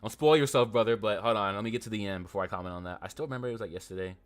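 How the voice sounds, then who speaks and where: A man's voice: lowish voice, rapid-fire. A man streaming live, reading comic pages aloud and chuckling with his chat.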